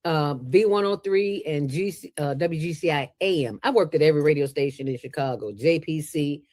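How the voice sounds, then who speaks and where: Lively low-voiced woman, animated guest. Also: a little fast, no room sound. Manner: animated, playful, preachy, with sudden jumps in pitch. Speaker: interview guest, nonprofit founder. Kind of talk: casual interview talk.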